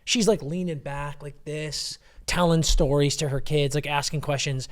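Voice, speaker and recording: Animated young man telling a story. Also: fairly high pitch, moderate pace. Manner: animated storyteller, swears freely. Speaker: podcast co-host. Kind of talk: casual chat.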